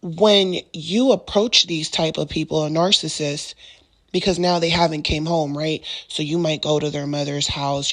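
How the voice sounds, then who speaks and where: A woman's voice: low voice, fairly bright tone. A woman hosting a podcast, talking casually about relationships, often repeating herself and acting out both sides of arguments. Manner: repetitive, acts out both sides of arguments in quoted voices. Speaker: podcast host.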